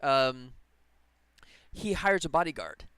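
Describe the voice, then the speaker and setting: Slow and sing-song, this medium-pitched man's voice is smooth and fairly bright on a dry recording. He's a game developer rambling casually on a livestream as he works, laughing frequently.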